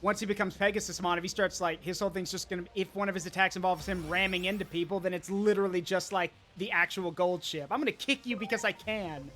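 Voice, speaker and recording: A man's voice: sits high, level tone, quick pace, hardly any pauses, fairly bright tone, a little hiss or hum. A man streaming a video game, chatting casually, rambling and laughing often while he thanks donors. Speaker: streamer and host.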